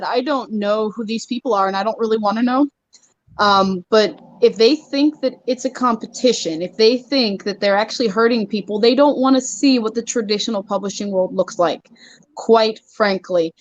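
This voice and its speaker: A woman's voice: fairly high pitch, moderate pace, no echo. Woman chatting frankly, slightly muffled lo-fi audio, dry. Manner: frank, emphatic, talks with filler ums. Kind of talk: casual chat.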